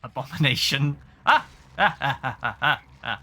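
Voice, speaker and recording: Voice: medium pitch, lively intonation, normal speed, pushed and bright. A gamer giving let's play commentary on a horror game, jumpy, gasping and yelping at every scare and talking back to the monsters. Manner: jumpy, constant startled gasps and yelps; talks back to the game's monsters.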